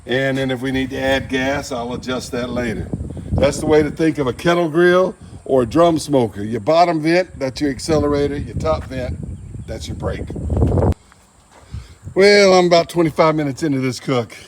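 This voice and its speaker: A man's voice: medium pitch, normal speed, background noise. A man demonstrating barbecue at an outdoor grill, with folksy joking asides. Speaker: barbecue channel host. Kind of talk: casual cooking demonstration.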